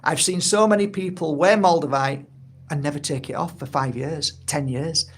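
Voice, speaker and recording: Speaking at a normal speed, this middle-aged man's voice sits a little high and sounds slightly rough. He teaches energy healing, founded his own course, and delivers a casual, earnest, heartfelt monologue to camera, acting out brief quoted exchanges.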